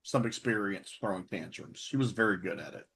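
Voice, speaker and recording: A man's voice: lowish voice, a little fast, creaky, a bit bright, slightly rough. A man co-hosting a wrestling podcast in casual chat, laid-back and teasing. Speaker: podcast co-host.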